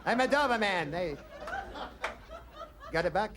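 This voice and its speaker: A man's voice: sits high, lively intonation, unhurried, very noisy. A man voicing a down-and-out Doberman dog who mopes and begs in a hustling way. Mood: begging. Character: washed-up down-and-out Doberman dog begging.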